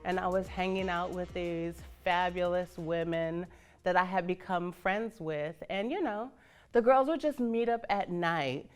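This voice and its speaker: Woman, 50s, from Northern California: frank, salty storyteller with a smooth voice, faint music underneath. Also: on the low side, measured pace. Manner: animated, acts out the voices of people she quotes; frank, salty, laughs as she talks. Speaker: interviewee telling her life story. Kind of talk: personal storytelling.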